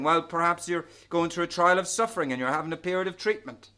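A man preaching a sermon in an earnest, measured way, rising and falling in volume for emphasis. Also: on the high side, sharp tone.

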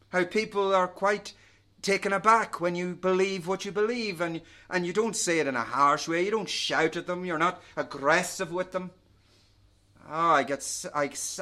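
A man delivering a sermon with a fairly high, light voice. He speaks earnestly and at a measured pace, letting his voice swell on key words and sink low on others. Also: a bit bright. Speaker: preacher.

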